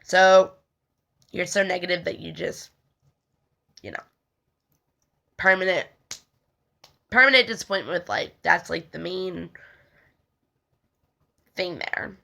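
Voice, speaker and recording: A young woman hosting a spiritual healing video reads a spiritual text aloud and then talks about it casually, rambling with lots of fillers and stumbling over words. Her voice is fairly low, slow, and creaky, with a sharp tone and frequent pauses.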